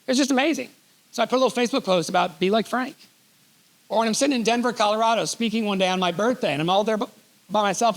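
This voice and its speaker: A middle-aged man giving an animated storytelling keynote on a conference stage, joking as he goes. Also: high voice. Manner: animated, reads letters aloud, jokey asides. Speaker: keynote speaker.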